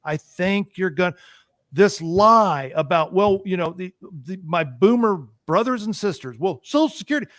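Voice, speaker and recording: A man hosts a heated political talk show, his voice pitched high and recorded close and dry. He rants with force, stumbles and repeats himself as he presses his point. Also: lively intonation, normal speed, a bit bright, no echo. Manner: emphatic, ranting, repeats himself.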